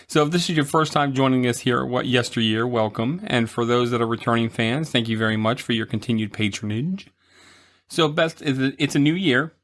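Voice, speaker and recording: A man in his forties hosting a casual podcast, goofy and quick to laugh. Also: a bit bright. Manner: goofy, laughs a lot, breaks into silly high voices. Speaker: podcast host. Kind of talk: casual chat.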